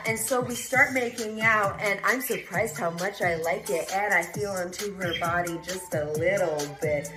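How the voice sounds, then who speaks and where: A woman's voice: medium pitch, moderate pace, few pauses, over music. A woman in her twenties telling a personal story in a casual, blunt way, swearing freely. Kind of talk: storytime video.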